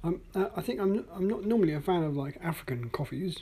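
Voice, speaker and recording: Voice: mid-range voice, animated, quick pace, warm tone, husky. Rambling chatty vlogger. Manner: rambling and chatty, with many ums and self-mocking asides. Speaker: vlogger tasting coffees. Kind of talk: casual daily video diary. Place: at home, indoors.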